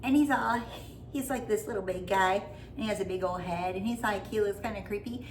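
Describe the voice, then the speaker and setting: A woman's voice: medium pitch, fairly quick, slight background noise. A woman life coach giving a casual motivational talk, goofy, blunt and freely swearing.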